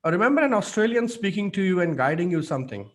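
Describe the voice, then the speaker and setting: A male public speaking coach leads an online mentorship session. His voice sits a little high for a man, and he talks with eager, demonstrative energy, peppered with fillers. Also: sing-song, quick pace.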